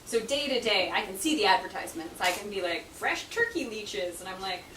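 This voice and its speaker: A woman author answering audience questions in casual talk, chatty and quick to laugh, with many fillers. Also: medium pitch, lively intonation, bright, forceful tone. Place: book event room. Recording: echoey room, distant mic, noisy.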